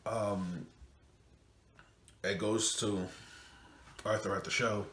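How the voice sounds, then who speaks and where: A man's voice: lowish voice, steady tone, slow, fairly bright tone. A man retelling a film's plot in a loose, rambling way with casual swearing. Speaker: movie reviewer. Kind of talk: casual movie recap. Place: home room, late at night. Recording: echoey room with faint noise.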